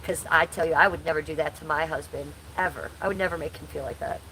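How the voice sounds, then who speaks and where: A woman's voice: deep voice, fairly even intonation, fast talker, bright, forceful tone, a little hiss or hum, rough recording. A woman in her forties hosting a casual livestream from home, chatting bluntly and crudely while reading chat aloud. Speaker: livestream host.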